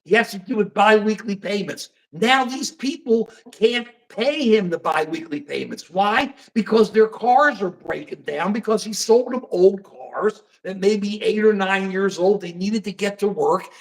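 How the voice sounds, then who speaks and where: Older american guy hosting a talk show, kinda high voice, rambles and acts stuff out. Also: a little slow, few pauses, poor audio. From United States. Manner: animated, rambling, acts out dialogue. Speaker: podcast host. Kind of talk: casual political talk show.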